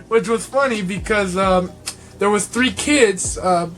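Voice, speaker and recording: A young man vlogging about toy collecting, telling a rambling, excitable story and laughing often. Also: high voice, unhurried. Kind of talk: casual vlog storytelling.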